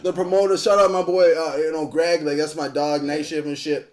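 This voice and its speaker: Fast-talking high-voiced young man. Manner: animated, profane, acts out quotes. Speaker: podcast guest. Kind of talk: casual storytelling.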